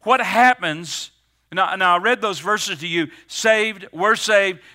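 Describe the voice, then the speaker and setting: A middle-aged man preaching a sermon as pastor, stressing words with slowed, emphatic pauses. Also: high voice, sharp tone.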